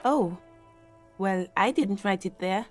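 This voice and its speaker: A woman's voice: medium pitch, slow, soft background music, lightly acted. An actress playing a polite but wary woman questioned by a detective in a game. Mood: guarded.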